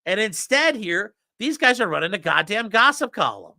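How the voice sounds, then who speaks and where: A man's voice: sits high, sing-song, normal speed, gravelly, bright, forceful tone. A man hosting a casual livestream, ranting sarcastically and with profanity while reading out and mocking legal filings. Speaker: host.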